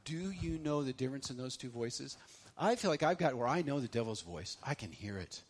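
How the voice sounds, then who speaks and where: A middle-aged pastor preaches a sermon, swinging from loud emphasis to hushed lines and repeating phrases for effect. His medium-pitched voice is expressive and brisk.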